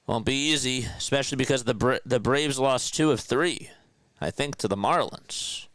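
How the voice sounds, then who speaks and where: A hyped-up man running a live fan play-by-play stream, chatting with his viewers and calling each pitch. His voice is smooth and resonant, recorded close and dry with no room sound. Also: moderate pace, fairly bright tone, no echo.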